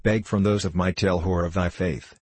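Storybook role: a man doing a gruff, suspicious old trader, deep and husky. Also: steady tone, brisk, no room sound. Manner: blunt, suspicious, commanding. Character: gruff elderly male Afghan horse trader.

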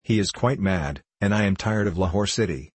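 A man's voice: sits low, normal speed, husky, dry recording. Man reading as cheeky street boy Kim. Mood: coaxing. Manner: wheedling, playful.

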